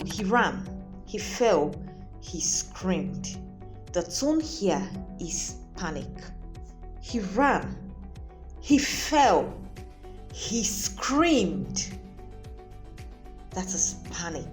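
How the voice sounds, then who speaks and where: A woman teacher giving a lesson, explaining points carefully, repeating them and checking in with her listeners. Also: mid-range voice. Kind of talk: classroom lesson on literary tone.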